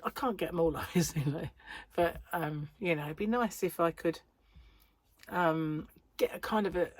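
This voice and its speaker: A British woman rambling in casual chat to camera as a crochet vlogger, talking from a corner of her home. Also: sits low. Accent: British English. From United Kingdom. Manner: rambling, chatty, self-interrupting. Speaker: crochet vlogger and yarn shop owner.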